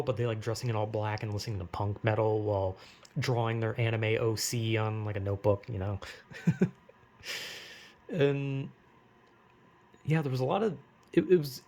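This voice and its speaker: A man's voice: medium pitch, a little mellow. A young man with a general American accent, rambling casually and self-deprecatingly in a monologue vlog. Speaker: vlogger.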